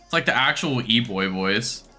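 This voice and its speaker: Bright, lively young man streaming. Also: mid-range voice, normal speed, soft background music. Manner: chatty, self-mocking, laughs easily. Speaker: game streamer. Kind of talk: casual live-stream chat.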